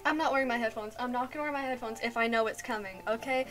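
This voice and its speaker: Young female gaming host, high-pitched, nervous and shaky, faint music underneath. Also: fast talker, fairly bright tone. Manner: jittery and scared, nervous laughs and repeated phrases. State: shaky and lightheaded. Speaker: gaming YouTuber. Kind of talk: let's play commentary.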